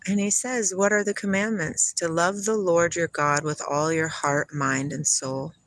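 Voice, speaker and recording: A woman's voice: on the low side, fairly even intonation, a little slow, a bit bright, dry recording. A middle-aged woman vlogging a rambling spiritual monologue, laughing often and talking to her parrot.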